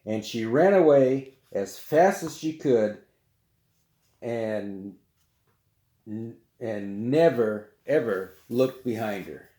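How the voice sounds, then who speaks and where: A man's voice: medium pitch, animated, takes it slowly, mellow. A man reading a children's storybook aloud, with chatty asides. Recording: roomy echo.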